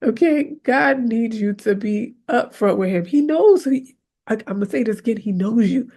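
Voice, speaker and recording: A woman's voice: a little high, normal speed, creaky, husky. Chatty woman hosting a faith podcast. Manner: conversational, keeps asking "right?"; animated, acts out her own prayers aloud. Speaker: podcast host. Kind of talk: faith-based motivational talk.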